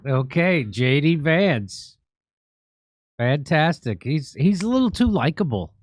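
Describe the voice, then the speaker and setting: A man's voice: fairly high pitch, very animated, slow, dry recording, clean studio sound. A man hosting a comedy talk show, laughing often and stumbling over his words. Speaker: host.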